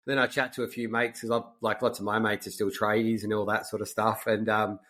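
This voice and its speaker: A man's voice: on the low side, level tone, a little fast, fairly bright tone. A man with an Australian accent, a podcast host chatting in a friendly, matey way with lots of fillers. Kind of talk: casual chat.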